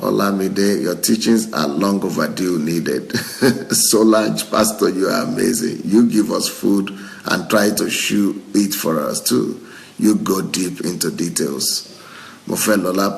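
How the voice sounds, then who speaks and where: A middle-aged male pastor, reading viewer comments aloud on a livestream, laughing often and breaking into excited exclamations. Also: deep voice, creaky. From Nigeria.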